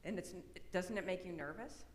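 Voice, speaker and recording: A middle-aged woman giving a friendly, conversational presentation on autism, tossing in a quick question to the audience now and then. Her voice sits on the low side and rings out through a large hall with a long echo. A faint hum of room noise sits underneath. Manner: conversational, frequent tag questions. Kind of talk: autism awareness talk. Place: church hall. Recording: echoey hall, long reverb.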